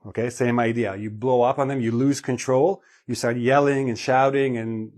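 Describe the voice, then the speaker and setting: A man teaching an English vocabulary lesson, explaining clearly and often checking in with "okay?" and "right?". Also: medium pitch, fairly even intonation, moderate pace, a little mellow.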